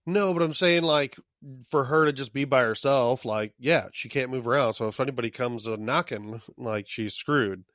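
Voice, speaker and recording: Male podcast co-host, mid-pitched, crude and jokey, dry close-mic sound. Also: normal speed, few pauses, fairly bright tone, no echo. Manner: crude jokey riffing, mock-quotes characters. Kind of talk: casual recap chat.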